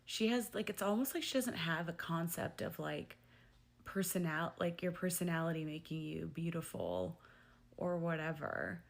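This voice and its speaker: A woman's voice: lowish voice, expressive, normal speed, creaky. A woman giving casual commentary on a reality show, hedging with lots of "like" as she lists her points. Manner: hedging, full of "like", listing points.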